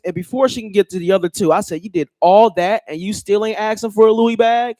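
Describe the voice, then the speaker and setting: A man working a comedy club crowd with a loose, joking stand-up set. His voice sits a bit high for a man and comes through a handheld mic, close and dry with no room echo. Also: fast talker, hardly any pauses.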